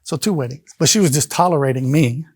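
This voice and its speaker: A man in his fifties recounts his life in a lively, expressive way. His voice sits somewhat high and sounds dry and close. He acts out the people he quotes with sudden jumps in pitch. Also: quick pace, breathy edge, no room sound. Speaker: convert telling his story. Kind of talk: personal storytelling.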